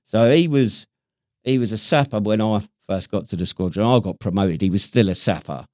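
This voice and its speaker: A man's voice: lowish voice, moderate pace, a little mellow, no echo, clean studio sound. A British man co-hosting a podcast, telling stories in casual chat with lots of swearing and laughter. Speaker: podcast co-host.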